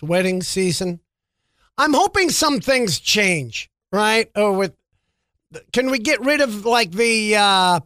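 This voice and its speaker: A man's voice: high voice, pushed and bright, no echo, clean studio sound. A man hosting a radio-style podcast, reading out news items and adding wry, sarcastic asides. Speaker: podcast host. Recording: music bed under the voice.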